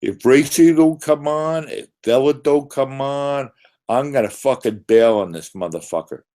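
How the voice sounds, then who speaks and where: A man's voice: medium pitch, measured pace, dark tone. A man hosting a casual live-stream chat who teases guests, swears freely and laughs often. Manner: teasing, profane, laughs often.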